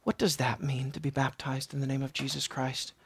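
A woman preaching a sermon with passion, dropping to a hush and then rising loud, at times out of breath. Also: a bass voice, little pitch movement, fairly quick, husky. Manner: impassioned, swings from hushed to loud.

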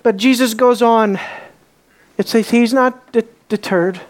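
A woman preaching a sermon in a fairly high voice. She talks emphatically and keeps putting rhetorical questions to her listeners. Her delivery swings from hushed, low asides to raised, exclaiming lines. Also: steady tone, a little slow.

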